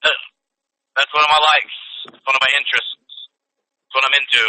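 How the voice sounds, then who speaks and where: Dude on the phone, super bright voice, dry sound, deadpan teasing his buddy. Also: mid-range voice, a little fast, no room sound, rough recording. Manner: teasing, dry and mock-serious. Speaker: podcast co-host. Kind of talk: casual phone call chat.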